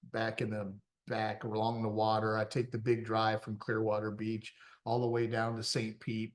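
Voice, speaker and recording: A middle-aged man, a confidence coach, giving a motivational talk with animated, self-deprecating stories and frequent laughs. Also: on the low side.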